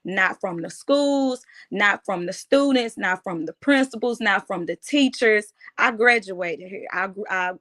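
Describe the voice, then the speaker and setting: A woman, giving a halting, emotional personal account in an interview, often restarting her phrases. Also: medium pitch, fairly bright tone. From United States. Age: 30s.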